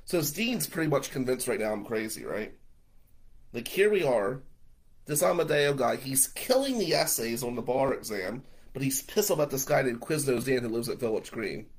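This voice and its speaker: A man, a lawyer, telling a personal story to the camera in a casual, animated way, blunt and swearing freely. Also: medium pitch, moderate pace, breathy edge, rough recording.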